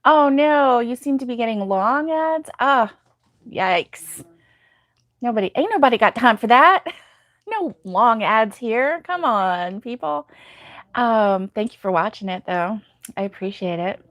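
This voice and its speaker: Sleepy lady on a live stream chatting w viewers, slow talker, dry close sound. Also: on the high side, expressive, fairly bright tone, dry recording. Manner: chatty, greets viewers by name, frequent ums and laughs. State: sleepy, yawning. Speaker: crochet channel host reading live chat. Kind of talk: casual live-stream chat.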